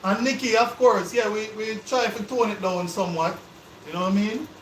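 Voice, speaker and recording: Brisk and high-voiced, a man co-hosting a cooking live stream speaks in patois with a Jamaican accent, chatting casually with viewers and explaining as he goes. The audio is poor, with a little hiss or hum.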